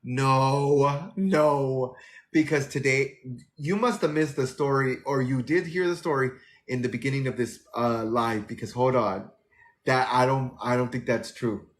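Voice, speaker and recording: A man hosting a casual livestream, chatting and telling stories in a sassy, animated way, calling his listeners girl and honey. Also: mid-range voice, measured pace. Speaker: livestream host. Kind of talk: casual livestream chat and storytelling.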